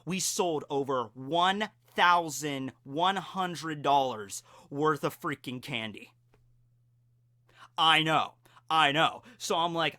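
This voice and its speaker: An excitable man talks through an anime episode with lively storytelling and the occasional curse. His voice sits high and bright, with a bright, cutting edge. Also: slow. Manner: excitable, animated storytelling with swearing. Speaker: anime commentary youtuber. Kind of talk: casual commentary.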